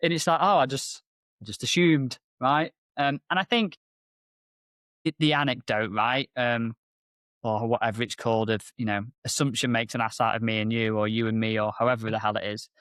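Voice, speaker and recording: A man's voice: fairly quick, smooth, dry recording, clean studio sound. A man co-hosting a casual business podcast, telling stories and acting out conversations with lots of energy. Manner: animated storyteller, acts out exchanges with rising pitch. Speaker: podcast co-host, MSP business owner.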